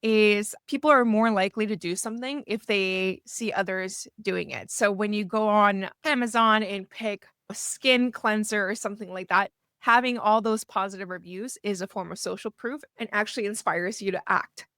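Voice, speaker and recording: A woman fundraising coach teaches in a relaxed, chatty way and keeps checking in with the listener. Her voice sits at a middle pitch. The sound is close and dry, with no room echo. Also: moderate pace, few pauses, clean tone. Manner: chatty, frequently checks in with "right?" and starts with "so". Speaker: fundraising consultant and educator. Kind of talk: conversational teaching talk to camera.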